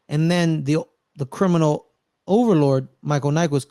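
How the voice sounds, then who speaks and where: A man co-hosting a casual movie review chat, retelling scenes in an animated way and acting out the characters' lines. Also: on the high side, moderate pace, clean tone, dry recording. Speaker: podcast co-host.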